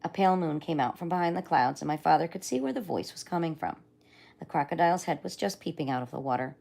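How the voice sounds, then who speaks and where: Low-voiced woman reading a storybook aloud. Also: fast talker, vocal fry. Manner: lively, expressive, laughs while reading. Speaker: livestream storyteller. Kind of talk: reading a children's book aloud.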